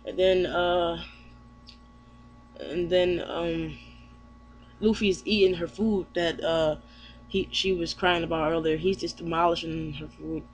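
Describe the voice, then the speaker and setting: A man's voice: on the high side, steady tone, takes it slowly, pauses often, slight background noise. A man recapping a manga chapter in a casual, rambling way, full of fillers. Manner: rambling, with lots of fillers and restarts. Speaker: anime reviewer.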